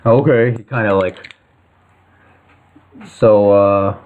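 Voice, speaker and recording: A man running a tabletop game as game master, talking loosely with lots of pauses and fillers. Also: fairly low pitch, steady tone, phone-quality sound. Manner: loose, hesitant, with many fillers.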